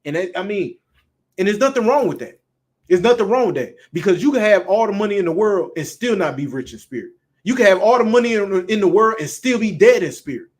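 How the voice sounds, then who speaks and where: A man's voice: sits high, animated, a little fast. A man with a Southern US accent preaching bluntly and emphatically, with frequent profanity. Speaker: street preacher. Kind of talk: preaching talk.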